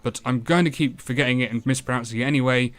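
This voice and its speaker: A man's voice: medium pitch, quick pace, fairly bright tone. A British man hosting a retro game review show, giving a comedic voice-over full of sarcasm and swearing.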